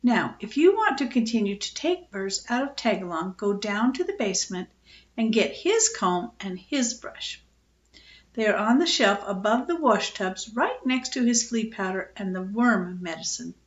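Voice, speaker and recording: A woman voicing an exasperated mother scolding her son, with a high, sharp voice. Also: expressive, normal speed, reverberant, dull audio, lightly acted.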